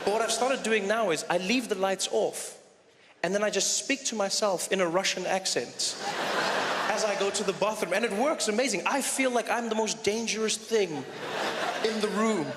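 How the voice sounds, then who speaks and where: Animated male stand-up comic in a hall. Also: high-pitched, normal speed, very noisy. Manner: animated, self-deprecating storytelling. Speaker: stand-up comedian. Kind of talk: live stand-up comedy. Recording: live show in a reverberant hall with crowd ambience.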